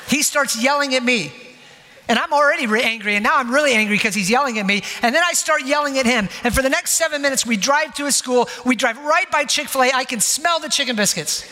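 A man's voice: very high-pitched, pushed and bright. A man in his forties preaching a sermon, telling a story with self-mocking humor. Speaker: pastor. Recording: long hall reverb.

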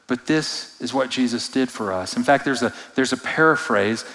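A male pastor at a middle pitch delivers a sermon, pressing hard on some phrases and dropping to a near hush on others. His voice rings out with the long reverb of a large church sanctuary. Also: brisk, hardly any pauses. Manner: expressive, shifts between loud emphasis and hushed low delivery.

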